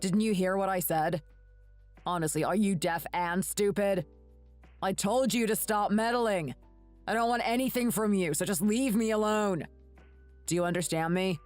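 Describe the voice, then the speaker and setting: A woman voicing a rude, bitter adult son in an animated story, speaking curtly and with contempt. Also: medium pitch, moderate pace, no echo, faint music behind, close to an everyday voice. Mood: scornful. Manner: curt, contemptuous.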